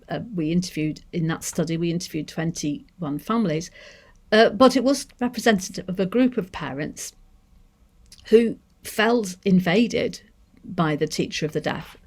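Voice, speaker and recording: A woman with a Manchester accent giving a seminar talk on deaf education, measured and thoughtful, pausing to rephrase. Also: lowish voice, lively intonation. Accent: English, Manchester. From Manchester, England. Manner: measured, thoughtful, with restarts and hedges.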